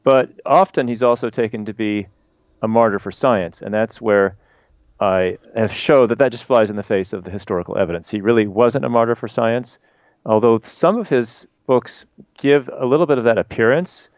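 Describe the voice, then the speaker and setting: A man interviewed as a guest author, explaining in animated, quick bursts with frequent restarts. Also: medium pitch, no echo. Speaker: guest author and historian of science. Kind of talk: conversational explanation. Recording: dull lo-fi remote line.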